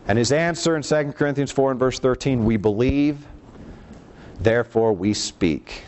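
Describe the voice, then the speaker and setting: A man preaching a sermon, emphatic, shifting between quiet low passages and raised lines and asking the congregation rhetorical questions. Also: normal speed, slight background noise.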